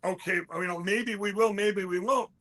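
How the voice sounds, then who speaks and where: Telling a story as an interview guest, a man speaks in a high voice with a steady tone at normal speed. He sounds bright and forceful, rambling with animation, quoting others mid-thought and restarting his sentences.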